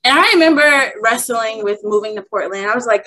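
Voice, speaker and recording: Husky woman giving an emotional testimony. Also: fairly high pitch, expressive, a little fast, hardly any pauses, bright, forceful tone, rough recording. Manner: heartfelt, emotional, candid. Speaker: women's workshop speaker. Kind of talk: personal testimony sermon.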